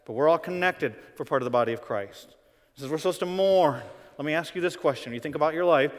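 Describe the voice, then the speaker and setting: A male pastor preaching a sermon, swinging between quiet, conversational stretches and loud, emphatic ones. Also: mid-range voice. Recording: reverberant hall.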